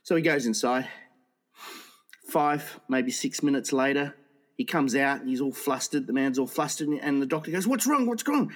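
A man's voice: mid-range voice, fairly even intonation, normal speed. A man casually telling jokes in a rambling way, often restarting his sentences and laughing at his own punchlines.

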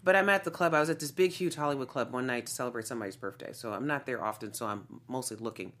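A woman from the suburbs of Houston, an actress telling stories as a talk show guest, animated and laughing often. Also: a bass voice, racing. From suburbs of Houston, Texas. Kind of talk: casual chat.

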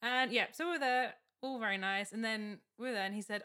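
A woman's voice: a little high, quick pace, hardly any pauses. Young woman telling a wild story on a podcast, laughing a lot, doing everyone's voices. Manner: animated, laughing storyteller who acts out quotes. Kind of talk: casual storytelling chat.

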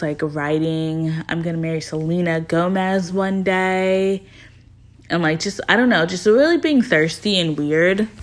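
A woman hosting a podcast, chatting casually and gossiping. Her voice sits a little on the low side, and she sprinkles "like" through almost every sentence in a loose, talkative flow. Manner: chatty, gossipy, full of "like" fillers. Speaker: podcast host. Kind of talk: casual chat.

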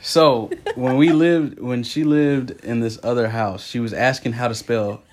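A man's voice: medium pitch, measured pace. A young man co-hosting a casual chat, telling family stories with lots of acted-out quotes. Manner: animated storyteller, acts out quoted voices. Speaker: podcast co-host.

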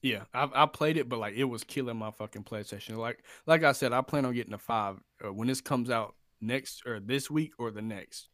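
A man co-hosting a casual podcast chat, relaxed and teasing, with some casual swearing. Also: mid-range voice, brisk, hardly any pauses, dry recording, clean studio sound. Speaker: podcast co-host.

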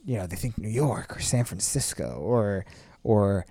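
A man's voice: lowish voice, expressive, a little slow, vocal fry, mellow, no room sound. A man co-hosting a casual podcast chat, blunt and wry. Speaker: podcast co-host.

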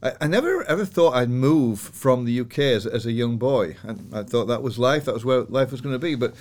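An older man with a Yorkshire lilt talks as a podcast guest. He chats in a relaxed, rambling way, full of fillers, and laughs easily. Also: medium pitch, fairly quick. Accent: Yorkshire English. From northern England. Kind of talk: relaxed personal storytelling.

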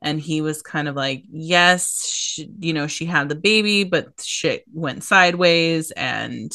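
Low-voiced woman, relaxed chatter. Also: slow. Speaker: podcast co-host. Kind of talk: casual chat.

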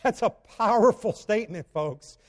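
A man with a high voice preaches a sermon, and a long reverb from the hall hangs on his words. He alternates between loud, emphatic stretches and quiet, slow reading of scripture. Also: expressive.

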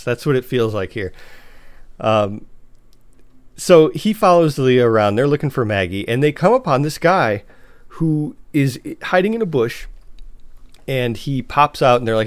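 A man casually recapping a TV episode, talking in a halting, chatty way with restarts. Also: medium pitch, expressive, no room sound.

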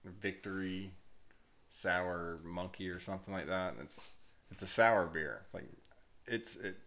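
Man, low voice, casual podcast chat, profane, laughing, animated. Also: measured pace. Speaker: podcast co-host. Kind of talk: casual chat among friends.

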